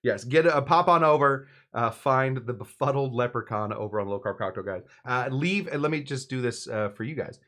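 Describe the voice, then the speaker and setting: Pushed and bright, his mid-range voice moves at a moderate pace with few pauses. He's hosting a live cocktail stream in a loose, rambling way, mocking himself and often restarting or using fillers.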